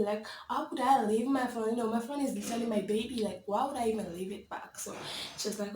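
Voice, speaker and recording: A woman's voice: on the high side, quick pace, reverberant, slight background noise. Chatty young Kenyan woman telling a story. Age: young adult. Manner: animated, dramatic, laughs often, many likes and you-knows. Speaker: vlogger. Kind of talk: casual storytelling to camera.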